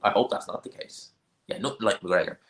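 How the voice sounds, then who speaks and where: Deep-voiced North Dublin man, blunt. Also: a little fast, a bit bright, a little hiss or hum. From Ireland. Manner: blunt, offhand opinions with frequent restarts. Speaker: livestream host. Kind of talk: casual livestream chat answering viewer questions.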